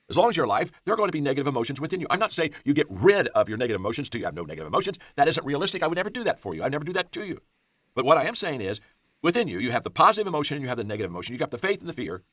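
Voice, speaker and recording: A man's voice: on the high side, a bit bright, dry recording, clean studio sound. A man giving a motivational talk on leadership, stressing and repeating key phrases and often restarting with "I, I". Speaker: leadership speaker.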